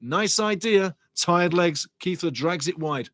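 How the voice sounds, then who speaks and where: A middle-aged man hosting a live football watch-along, calling the action excitedly and reading viewer comments aloud. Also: high voice, slow, no echo.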